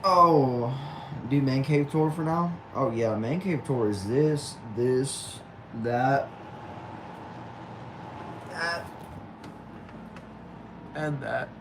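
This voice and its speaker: A man's voice: medium pitch, noisy background. A man, reading chat aloud on a casual livestream from a small back room at home and answering with dry, easygoing replies. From Texas. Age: 20s.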